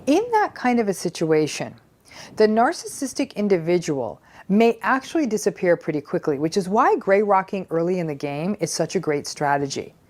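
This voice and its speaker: A woman's voice: fairly low pitch, big pitch swings, moderate pace, darkish tone. A woman psychologist giving a conversational educational talk, earnest and explanatory, sometimes acting out quoted voices.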